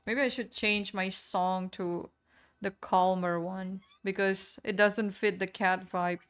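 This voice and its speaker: Slow-talking, smooth-voiced young woman streamer. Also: mid-range voice, fairly even intonation, a bit bright. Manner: chatty, apologizes often, reads and answers chat. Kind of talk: casual live-stream chat while gaming.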